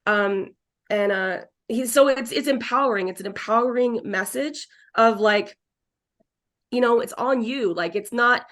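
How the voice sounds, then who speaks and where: A woman psychic medium talking as a guest on a video-call interview, chatty and excitable, with lots of "like", repeated words and casual swearing. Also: on the high side, unhurried.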